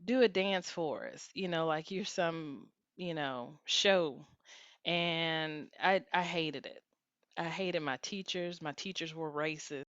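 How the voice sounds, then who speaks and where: A woman with a light Texan twang tells her story in an interview, speaking slowly and reflectively and often saying "you know" as she goes. Her voice is smooth and clear. The recording is dry and a little dull. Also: low-pitched, fairly bright tone, no room sound. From Houston, Texas. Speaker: interview guest, researcher.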